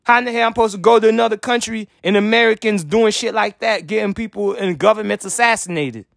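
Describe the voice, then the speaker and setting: A man's voice: high-pitched, quick pace, creaky, a bit bright, dry recording, clean studio sound. A man from Haiti delivering a heated, profane political rant to his viewers. He is blunt and repeats himself as he talks. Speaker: vlogger.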